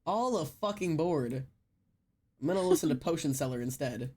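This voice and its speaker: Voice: mid-range voice, lively intonation, normal speed, a little mellow, breathy edge. A streamer chatting casually on a live stream, reading a long list aloud, often laughing and swearing.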